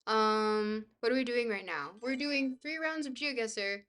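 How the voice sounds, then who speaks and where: A woman's voice: fairly high pitch, unhurried, fairly bright tone. Bubbly chatty woman streamer. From Scotland. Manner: bubbly, thanks chat often, trailing filler words. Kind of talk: casual live-stream chat reading.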